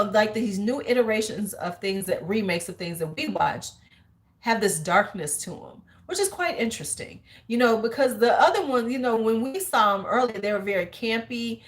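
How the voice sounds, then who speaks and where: Brief: beauty-stream host in her forties, slangy, chatty storyteller with a slightly high voice. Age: 40s. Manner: animated, laughing, slangy storyteller. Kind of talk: casual livestream chat.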